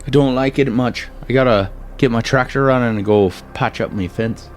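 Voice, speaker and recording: A man's voice: medium pitch, brisk, a little hiss or hum, lightly acted. A man voicing a folksy older farmer who is wary of strangers, talking in a chatty drawl. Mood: friendly.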